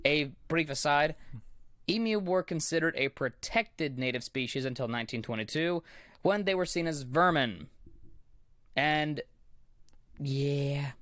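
A man's voice: on the high side, expressive, unhurried, pauses often, a bit bright, dry recording, clean studio sound. A man co-hosting a podcast, telling a history story casually with asides and easy laughter. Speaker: podcast co-host.

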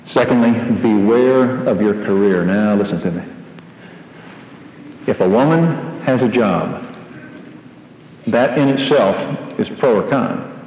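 Middle-aged preacher, animated storyteller, live hall recording with faint hiss. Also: male voice, lowish voice. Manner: animated storytelling, rising to shouts in quoted lines. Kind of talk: sermon. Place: large hall before a live audience.

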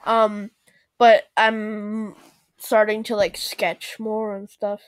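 A woman's voice: mid-range voice, flat delivery, slow pace, smooth, no room sound. Young woman podcast co-host, rambly and giggly, dry sound. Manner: rambling, full of fillers and laughs. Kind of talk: casual chat.

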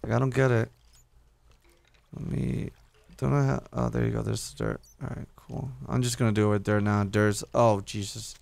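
A man's voice: fairly low pitch, animated, normal speed, vocal fry, a little mellow. A young man commentating his own game play, talking to himself, swearing often and repeating words when he panics. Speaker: gaming YouTuber. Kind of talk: casual let's-play commentary.

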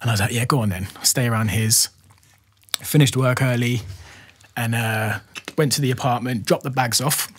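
A man with a London accent tells a story as a podcast guest, his voice a little husky and mid-pitched. He talks in loose street slang, keeps saying "bro", and laughs his way through the story. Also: normal speed. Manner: animated, laughing, slang-heavy, says "bro" often. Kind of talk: casual storytelling.

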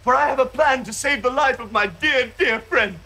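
A man's voice: very high voice, moderate pace, pushed and bright, a little hiss or hum, exaggerated voice. An actor playing a dim, eager young nobleman in a TV sitcom, speaking earnestly and grandly.

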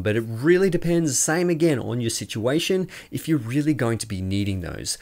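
A man's voice: medium pitch, darkish tone. A man reviewing audio gear in a home studio on a close podcast microphone, explaining things step by step. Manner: explains step by step, leans on "literally" and "obviously". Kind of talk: tech review vlog.

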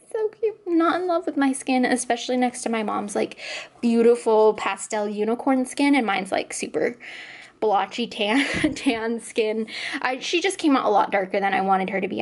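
A woman hosting her own coloring channel, gushing about finished pages in a casual show-and-tell, sometimes sinking to near-whispers. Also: on the high side. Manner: gushing, enthusiastic, often drops to near-whispers.

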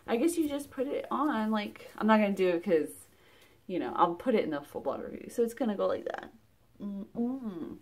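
A woman's voice: mid-range voice, normal speed. Chatty woman unboxing products. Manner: chatty, rambling, many fillers and restarts; excitable, exclaims at items. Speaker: product reviewer. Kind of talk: casual unboxing vlog.

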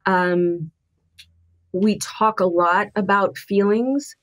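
A middle-aged woman, a podcast guest, talking candidly and thoughtfully with frequent restarts. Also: medium pitch. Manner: earnest, thoughtful, halting with restarts.

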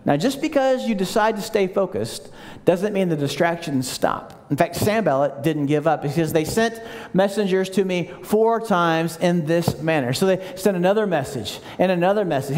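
Animated high-voiced pastor in a reverberant church. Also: male voice, moderate pace. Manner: animated, acts out voices of the people he quotes; leads the congregation in call-and-response. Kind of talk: sermon. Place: large church hall. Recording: long hall reverb.

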